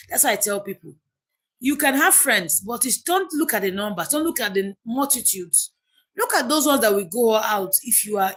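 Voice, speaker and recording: A woman's voice: mid-range voice, fairly bright tone. A woman, hosting a livestream and emotionally retelling a personal story to her viewers, with many repeats and restarts. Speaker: livestream host.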